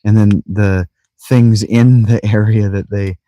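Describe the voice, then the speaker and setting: Fairly low and mellow, this man's voice moves slowly with fairly even intonation, recorded dry. A let's play streamer in a tent with a clip-on mic, he rambles casually about the game, swears freely, and talks to himself.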